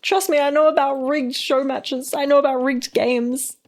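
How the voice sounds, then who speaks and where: A woman's voice: high-pitched, fairly even intonation, moderate pace. A woman casting a strategy game live on stream, playful and teasing, with frequent giggles.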